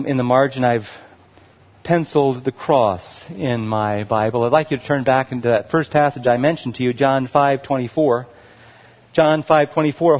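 A man preaching a passionate sermon, rising to loud emphatic peaks and dropping to quiet, low phrases. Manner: passionate, swells loud on key words then drops low. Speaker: pastor. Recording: reverberant hall, dull lo-fi sound.

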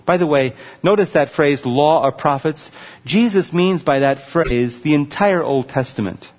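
A man's voice: fairly high pitch, measured pace. A man preaching a sermon, teaching in an emphatic way and pointing things out on a screen with a laser pointer. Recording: muffled recording with long hall reverb.

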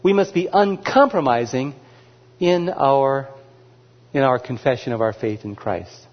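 Male pastor, sermon, measured and emphatic, long church reverb, slightly muffled. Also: medium pitch. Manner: measured, emphatic preaching with repeated phrases.

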